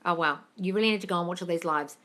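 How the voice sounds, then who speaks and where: A woman's voice: on the low side, rapid-fire, a bit bright. A woman hosting a casual live-stream Q&A, reading viewer questions and answering them bluntly with plenty of swearing.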